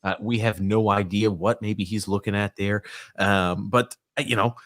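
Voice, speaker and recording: A man hosting a podcast in casual chat, halting and restarting his sentences. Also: lowish voice, steady tone, dry recording, clean studio sound. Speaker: podcast host.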